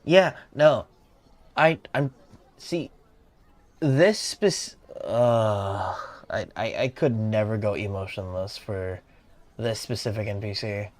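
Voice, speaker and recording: A man chatting casually while streaming a game. He rambles, corrects himself, and slips in slang. His voice is low and his pace is slow. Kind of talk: casual gameplay commentary.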